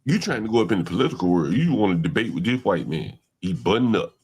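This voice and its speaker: A man's voice: on the low side, very animated, fast, a little mellow, husky. A man hosting a livestream, giving blunt, slangy reaction commentary and talking back at clips. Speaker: livestream host.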